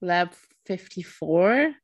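Slow, dry-sounding chatty woman. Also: lowish voice, expressive, no room sound. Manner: unhurried, many fillers, swears casually. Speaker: podcast co-host. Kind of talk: casual chat.

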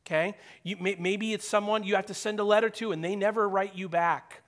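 A man preaching a sermon as a pastor, animated, rising to loud urging and dropping to a hushed near-whisper, acting out quoted voices and putting questions to the room. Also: sits high, fairly quick.

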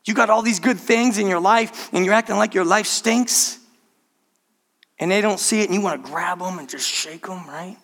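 Male pastor, animated sermon delivery, high and bright tone. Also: moderate pace. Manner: animated preaching, acts out quoted voices, addresses the congregation as church.

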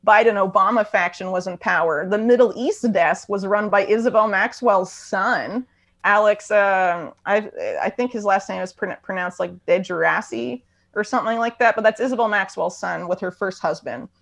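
Gravelly-voiced woman talking fast. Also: mid-range voice, fairly bright tone. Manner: rapid, loose talk with many fillers and restarts. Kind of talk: casual conversation.

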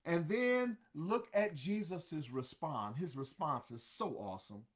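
Slow, animated male preacher. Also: on the high side. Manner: drawn-out scripture reading, then repeated plain paraphrase. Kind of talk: sermon.

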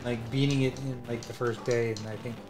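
A man's voice: medium pitch, little pitch movement, brisk. An easygoing man co-hosting a casual gaming podcast, teasing friends and reminiscing. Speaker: podcast co-host. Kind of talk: casual group chat.

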